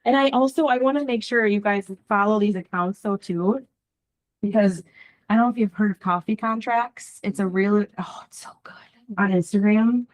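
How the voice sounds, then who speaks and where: A woman's voice: medium pitch, normal speed. A woman who creates social media content, giving a casual talk to a small group in person. She talks in a bubbly, chatty way with lots of ums and likes, and sounds a little nervous because she is new to speaking in front of people. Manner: nervous first-time speaker.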